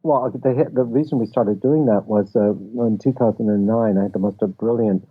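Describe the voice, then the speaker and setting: Low husky man on a phone-like line. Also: steady tone, moderate pace. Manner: explanatory, tells anecdotes. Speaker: guest, film festival founder. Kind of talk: casual interview chat. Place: office.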